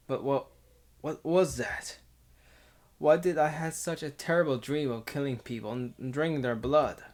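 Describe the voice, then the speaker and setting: A streamer reading a visual novel aloud in a casual, giggly way, stumbling and restarting over words between bits of chat. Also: medium pitch. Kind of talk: casual visual novel read-through with commentary.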